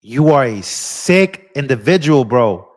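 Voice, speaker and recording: A man's voice: mid-range voice, expressive, takes it slowly. A young man hosting a political live stream, ranting in a heated, impassioned way and talking straight to his viewers. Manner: impassioned, ranting, addresses viewers as bro and y'all.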